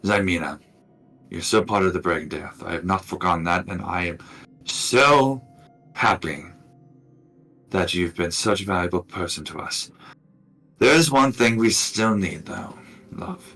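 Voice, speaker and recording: A man's voice: sits low, unhurried, pauses often, pushed and bright, exaggerated voice. A man voicing a confident male rogue leader in a tabletop game, breezy and calling everyone love. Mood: smug. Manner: calls people love, breezy and cocky.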